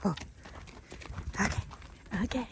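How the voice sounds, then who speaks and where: A woman's voice: slow, a little hiss or hum. A young woman with an Upper Midwest American accent, narrating casually while she works with livestock outdoors, chatting playfully to the animals and a little out of breath. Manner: chatty, talks to the animals in a playful sing-song. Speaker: farmer vlogger. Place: outdoors on a farm among cattle.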